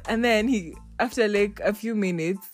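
A young woman chats in a casual, animated way and acts out the people she quotes. Her voice sits slightly low. Faint music plays behind her. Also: a little slow. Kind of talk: casual storytelling chat.

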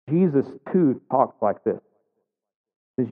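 Casual pastor preaching in an echoing hall. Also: male voice, fairly high pitch, fairly even intonation, normal speed. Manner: casual storytelling, conversational with humor. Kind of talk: sermon. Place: church sanctuary. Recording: phone-like sound in a large reverberant hall.

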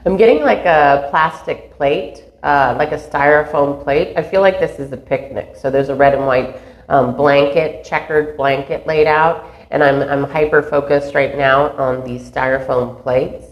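Low-voiced woman musing in an echoey room. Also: steady tone, measured pace. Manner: meandering, earnest, laughs at herself. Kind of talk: reflective spiritual monologue. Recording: roomy echo, slightly dull sound.

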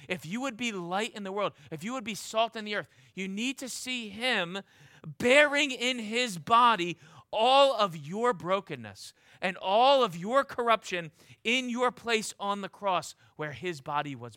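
A man preaching a sermon with passion, pressing his listeners with repeated rhetorical questions and stumbling into quick restarts. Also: sits high, expressive, sharp tone, no room sound, studio quality.

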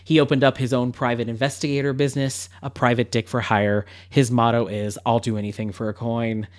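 A man's voice: mid-range voice, level tone, a little fast. A man hosting a podcast, chatting casually and reading a story aloud with playful asides and frequent laughs. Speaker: podcast host.

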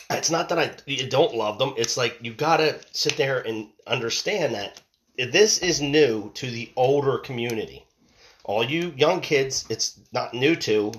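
A man in his forties, a father, recounts a family story in a casual monologue that rambles, swears, and repeats itself emphatically. He speaks at a moderate pace in an animated, medium-pitched voice.

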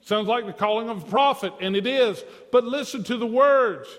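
A man's voice: extremely high pitch, moderate pace, few pauses, long reverb tail. A man preaching a sermon with passion, his delivery rising and dropping, repeating phrases for emphasis.

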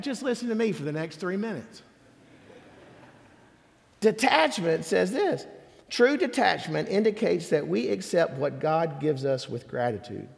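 Male preacher, high gravelly voice, emphatic sermon built on repeated refrains, long hall reverb.

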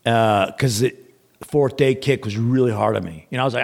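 A man's voice: mid-range voice, moderate pace, creaky. A man guest on a podcast, telling a long story in a rambling, casual way, acting out what people said and swearing freely.

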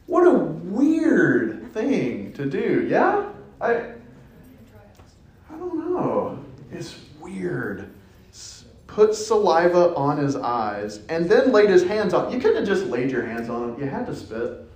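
A man delivers a casual, humorous sermon in a church sanctuary, his fairly high voice swinging up and down as he tells the story. He breaks into quick acted-out quotes and asides. The sound carries a roomy church echo. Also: huge pitch swings, a little mellow. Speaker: preacher. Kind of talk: conversational sermon. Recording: echoey church hall.

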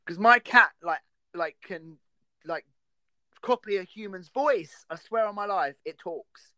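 A woman's voice: mid-range voice, a little slow, no room sound. A woman hosting a comedy radio show, chatting playfully and giggling through silly stories. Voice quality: giggly, goofy, animated storyteller.

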